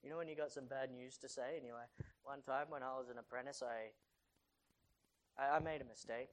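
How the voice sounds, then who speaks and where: A preacher giving a sermon who reads old-fashioned scripture verses aloud and then explains them in chatty asides. Asks the congregation frequent questions and builds to loud, urgent pleading. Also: medium pitch, steady tone, fairly quick, poor audio.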